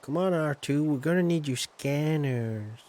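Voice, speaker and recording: A man's voice: a little high, unhurried, darkish tone, a little hiss or hum, lightly acted. A Yorkshire man doing a whiny young Luke Skywalker. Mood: earnest whiny. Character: young male space-farm hero, earnest and whiny.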